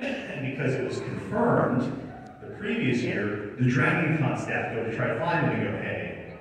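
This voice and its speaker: A convention organizer chats with attendees in a large convention hall, telling a story and acting out the voices of its characters. His medium-pitched voice has a sing-song lilt at a moderate pace. Captured from far off, the audio is echoey with crowd noise.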